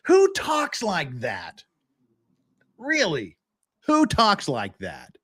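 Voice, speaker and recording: A man's voice: high-pitched, huge pitch swings, very slow, a bit bright, breathy edge. A man hosting a live-stream legal commentary show, ranting in a profane, sarcastic and exasperated way.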